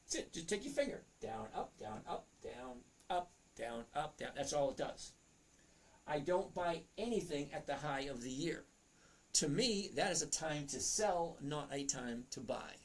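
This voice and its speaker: This livestream host's voice is on the high side and expressive, with a measured pace. Casually reading viewer comments during his stock trading stream, he greets viewers by name and explains charts one step at a time.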